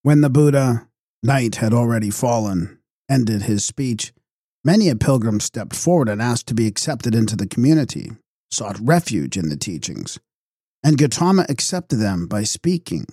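A man narrating a novel as an audiobook in a calm, measured way. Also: medium pitch, breathy edge, no echo, studio quality. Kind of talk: audiobook reading.

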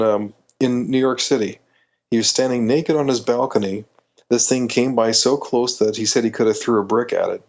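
Animated Canadian man telling a story. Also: lowish voice, creaky. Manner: animated, acts out quoted voices, frequent restarts. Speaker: guest. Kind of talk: storytelling in a podcast interview.

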